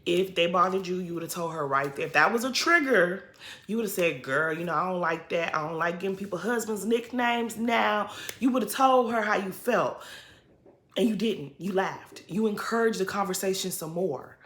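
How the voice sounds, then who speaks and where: A woman's voice: fairly low pitch, moderate pace, fairly bright tone, echoey room. A woman giving blunt, sassy commentary on a reality show in a casual recap.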